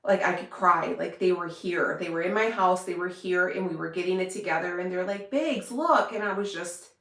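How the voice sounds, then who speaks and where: Lady vlogging to camera, kinda low voice, talks in loose run-ons. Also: steady tone, fairly quick, a bit bright. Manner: rambling, chatty, many fillers and restarts. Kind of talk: casual chat to camera. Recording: echoey room.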